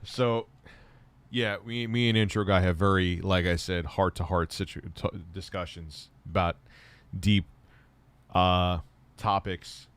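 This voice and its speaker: A man's voice: low-pitched, fairly even intonation, a little slow, a bit bright, clear, resonant tone, no room sound. A middle-aged man live streaming, rambling casually and swearing while he reads chat and shops online.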